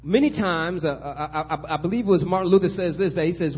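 A man preaching a sermon, building to emphatic loud peaks and dropping to hushed tones, often acting out biblical figures in conversational asides. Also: a little high, quick pace, few pauses, slightly rough, highs cut off.

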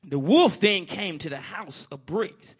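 A man's voice: high-pitched, lively intonation, measured pace, husky. A man preaching a folksy sermon, telling a story and calling out amen.

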